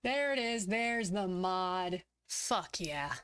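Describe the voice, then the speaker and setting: A woman's voice: on the low side, expressive, takes it slowly, a bit bright, clear, resonant tone, dry recording. A woman streamer chatting on a gaming livestream who talks frankly and bluntly and swears freely. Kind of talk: casual chat on a gaming livestream.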